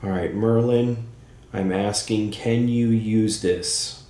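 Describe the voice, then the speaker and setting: A man's voice: on the low side, steady tone, takes it slowly, warm tone, echoey room. A man working as a psychic medium who speaks to a spirit during a session. He is eager and thinks aloud, with plenty of fillers.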